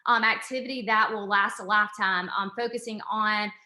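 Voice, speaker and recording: Fast-talking excited woman. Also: mid-range voice, roomy sound. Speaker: assistant professor. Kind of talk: presenting a program in a webinar.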